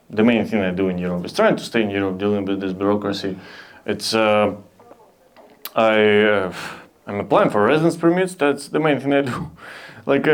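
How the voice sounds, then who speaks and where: A young man from Belarus with a Belarusian accent, doing a halting, deadpan stand-up set at a comedy club. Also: medium pitch. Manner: deadpan, halting, with restarts and self-deprecating asides. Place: comedy club stage with a laughing audience. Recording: live club audience laughter.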